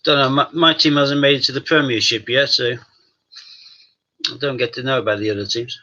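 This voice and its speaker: A man's voice: medium pitch, steady tone, moderate pace, bright, forceful tone. A man hosting a live stream from home, chatting jokily with viewers and his dog. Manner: chatty, jokey, talks to his dog and chat. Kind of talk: casual chat with live chat viewers. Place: home room. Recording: dull lo-fi stream audio.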